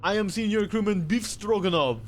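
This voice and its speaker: A streamer voicing a boastful male Russian ship crewman, loud and stern in broken English, with a put-on Russian accent. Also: high-pitched, brisk, a little hiss or hum, voice pushed up, natural voice.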